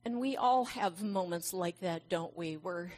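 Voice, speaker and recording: A middle-aged woman preaching a sermon in a gentle, reflective way, with storytelling asides. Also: lowish voice, measured pace.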